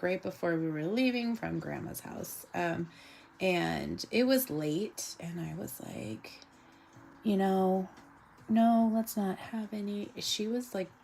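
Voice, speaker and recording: Gravelly low-voiced woman rambling while drawing. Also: a little mellow, a little hiss or hum. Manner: rambling, chatty, many fillers and asides; laughs often. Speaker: artist and show host. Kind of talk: casual chat while drawing.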